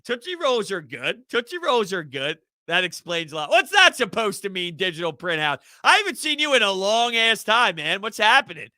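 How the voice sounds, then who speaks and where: A young man hosting a sports YouTube live stream rambles between viewer comments, laughing easily, in a high, very bright, clean and crisp voice. He speaks sing-song at normal speed with hardly any pauses. The recording is dry and close.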